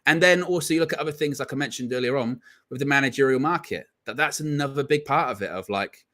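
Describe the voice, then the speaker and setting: Relaxed male host, bright tone. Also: mid-range voice, fast talker. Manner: relaxed, thinking aloud, hedging. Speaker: host of a football fan show. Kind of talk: casual live-stream chat.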